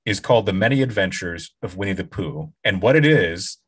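Husky low-voiced man explaining. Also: fairly quick. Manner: steady, informative, lays out facts. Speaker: podcast co-host. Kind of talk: casual chat.

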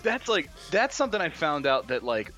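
A man's voice: fairly high pitch, big pitch swings, moderate pace, bright, forceful tone, faint music behind. A man from Western Pennsylvania with a local accent, co-hosting a casual chat and explaining regional speech habits. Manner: storytelling, explaining, chuckling. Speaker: podcast co-host.

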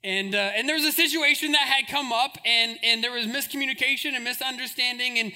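A man's voice: very high voice, quick pace, sharp tone. A man preaching a sermon as pastor, emphatic and repetitive, building his points phrase by phrase.

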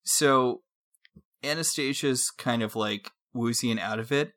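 Podcast co-host, mid-pitched voice, dry wry humor in casual chat. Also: a little slow, fairly bright tone.

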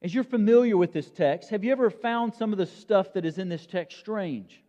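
A man preaching a sermon in a measured, emphatic way, with dramatic pauses. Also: high-pitched, dark tone. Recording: long reverb, dull lo-fi sound.

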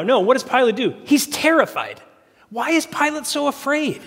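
Male pastor preaching, earnest, keeps asking the listeners questions; high voice, echoing hall. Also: very animated, normal speed, breathy edge. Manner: earnest, asks the congregation questions. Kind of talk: sermon.

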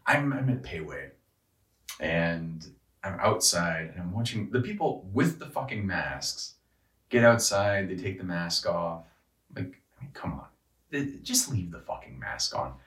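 Deep-voiced man ranting profanely, roomy. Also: a bit bright, distant mic. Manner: profane, exasperated, rambling with restarts. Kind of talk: casual rant.

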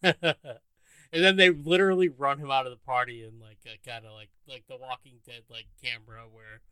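A man's voice: medium pitch, steady tone, moderate pace, sharp tone, clear, resonant tone. A man in casual chat, chiming in with details while recapping a TV episode with a friend. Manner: chiming in with details, laughing along.

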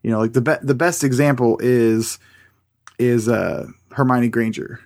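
Gravelly halting podcast co-host man. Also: mid-range voice, steady tone, a little mellow. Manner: halting, repeats words, swears. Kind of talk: casual podcast banter. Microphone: computer mic on a video call.

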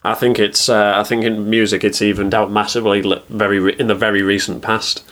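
A man with a fairly low voice chats casually about films on a podcast. He is measured and often hesitant as he starts his thoughts. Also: flat delivery, fairly bright tone. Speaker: podcast co-host. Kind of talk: casual film review chat.

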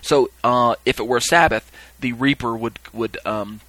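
A man's voice: medium pitch, measured pace, fairly bright tone, dry recording, rough recording. A man teaching a sermon, reading quoted texts aloud and explaining them in an easygoing, explanatory way. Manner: explanatory, acts out quoted call-and-response with raised voice. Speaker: Bible teacher.

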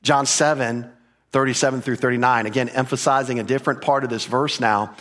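A man's voice: mid-range voice, steady tone, brisk, fairly bright tone. A man preaching an expository sermon, explaining Greek grammar and repeating key phrases for emphasis. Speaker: pastor.

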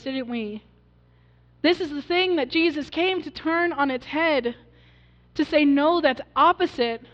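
In a sermon, a woman pastor preaches earnestly in a high voice, telling the story and drawing the congregation in with questions. The recording sounds dull and muffled, with a long church-sanctuary reverb.

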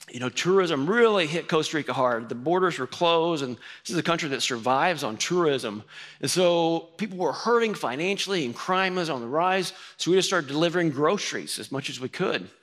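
A man's voice: mid-range voice, a bit bright. A man preaching, telling a personal story in a conversational sermon style with quoted voices. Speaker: pastor.

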